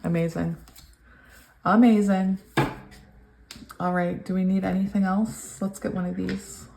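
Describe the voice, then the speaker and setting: A woman doing a pick-a-card tarot reading. She gushes with excitement and laughs often, then reads card messages aloud in a steady cadence. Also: medium pitch, unhurried, creaky, noisy background. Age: adult, long sober. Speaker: tarot reader.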